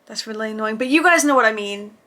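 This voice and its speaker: A woman casually reviewing anime episodes for her channel, gushing and excitable and swearing freely. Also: a little high, fast talker.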